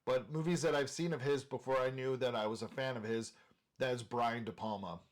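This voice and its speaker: A man's voice: medium pitch, steady tone, fairly quick. Enthusiastic man from Minnesota. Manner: enthusiastic, frequent "uh" fillers. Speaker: movie channel host. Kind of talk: casual movie-ranking talk.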